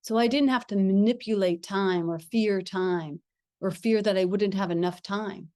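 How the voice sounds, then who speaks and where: A middle-aged woman telling a personal spiritual story. She talks in an earnest, reflective way with gentle pauses and frequent small laughs. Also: mid-range voice, dry recording, clean studio sound. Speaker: spiritual teacher.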